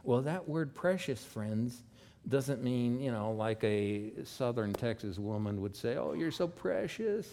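Slow, folksy male preacher. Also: mid-range voice, mellow, slight background noise. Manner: slow, folksy preaching with asides and rhetorical questions. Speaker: pastor. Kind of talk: sermon.

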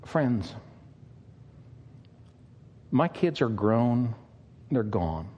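An older man, a pastor, preaching an earnest sermon with long pauses and a pleading tone. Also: medium pitch, very animated, dull audio.

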